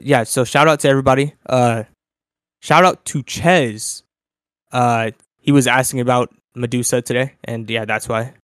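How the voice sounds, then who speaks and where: A young student co-hosting a casual podcast in a tired voice, talking haltingly with lots of fillers. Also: male voice, mid-range voice, a bit bright, clean tone, dry recording, clean studio sound. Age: young adult. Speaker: podcast co-host. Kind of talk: casual chat.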